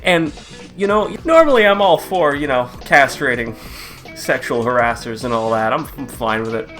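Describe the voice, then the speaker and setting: A man riffing in a crude, casual comedic rant, laughing often and jumping into loud mocking impressions. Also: medium pitch, lively intonation, moderate pace, soft background music. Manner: profane, laughing, swings into loud mock quotes. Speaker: comedy commentary host.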